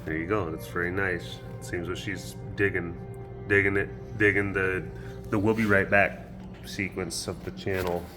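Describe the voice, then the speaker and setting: A man's voice: deep voice, little pitch movement, moderate pace, bright, forceful tone, soft background music. Chatty man doting on big cats. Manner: chatty, doting, affectionate toward animals. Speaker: vlogger at a wild animal facility. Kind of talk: casual vlog chat to camera. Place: outdoors by animal enclosures.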